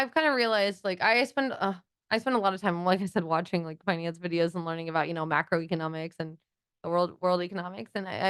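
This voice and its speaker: A young adult woman, a guest in a casual interview, talking quickly and animatedly with many fillers and playful acted-out quotes. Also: mid-range voice, a bit bright, dry recording, clean studio sound. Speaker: guest, financial literacy educator.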